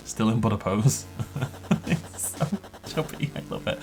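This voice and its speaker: A man's voice: medium pitch, lively intonation, a little slow, pauses often, darkish tone, faint music behind. A man hosting a gaming channel, giving upbeat, joking let's-play commentary with frequent chuckles.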